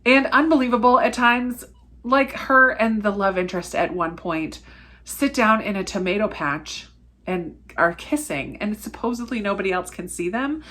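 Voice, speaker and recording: A woman's voice: mid-range voice, normal speed, a bit bright. A woman talking casually about books she has read, candid and chatty, laughing often and trailing off mid-thought. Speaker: book reviewer. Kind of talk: casual book review vlog.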